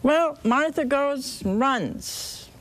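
A woman preaching a sermon, telling a scripture story slowly and expressively with dramatic repetition. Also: high-pitched, animated.

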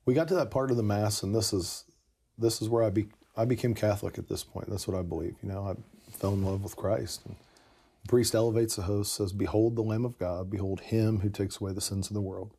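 A man's voice: fairly low pitch, steady tone, a little fast, dark tone, breathy edge. A man in casual conversation, earnestly telling a personal story with lots of "you know" asides. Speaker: podcast guest telling his conversion story.

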